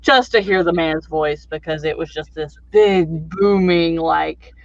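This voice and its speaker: A man's voice: a little high, unhurried, dry recording. A man rambles through folksy stories in casual chat, stopping and restarting along the way. He is recorded dry, with a dull, muffled home mic. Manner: rambling, folksy storyteller with fillers.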